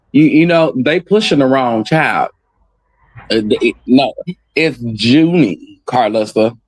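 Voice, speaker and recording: Guy host, kinda high voice, teasing and storytelling, dry close sound. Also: no room sound. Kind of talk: casual chat.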